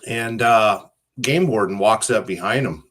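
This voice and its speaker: A man's voice: lowish voice, unhurried, fairly bright tone. A man and trucker, casually rambling through jokes in a group chat with a self-deprecating manner. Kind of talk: casual joke-telling chat.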